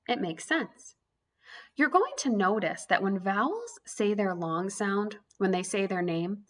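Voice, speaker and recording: A woman's voice: mid-range voice, sharp tone. A woman teaching an early reading lesson to young children, sounding out letters one by one in an encouraging way.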